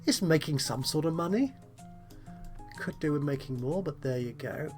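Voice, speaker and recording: A let's play host talks through a strategy game as he plays, thinking aloud in a politely chatty, self-deprecating way. His voice is a little high, expressive and darkish in tone, at a moderate pace, with soft music in the background.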